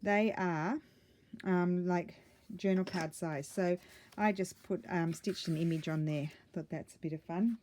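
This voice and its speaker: A woman with a lowish, mellow voice chats casually as she shows her crafts. She rambles happily, fills gaps with ums and corrects herself midway. She sounds a little out of breath. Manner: excited, rambling, many ums and self-corrections. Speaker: craft vlogger. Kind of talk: casual chatty flip-through.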